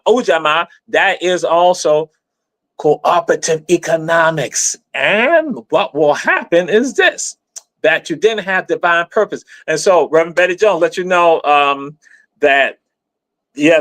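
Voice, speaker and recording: A man's voice: fairly high pitch, fairly bright tone, no room sound. A man giving an explanatory live stream talk in an emphatic, teacherly way, repeating himself and spelling words out letter by letter.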